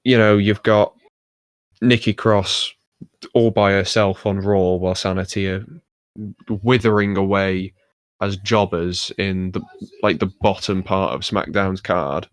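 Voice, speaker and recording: A man's voice: low-pitched, fairly even intonation, measured pace, no room sound. A man co-hosting a podcast, talking casually with lots of fillers as he rambles through his point. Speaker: podcast co-host. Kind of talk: casual chat.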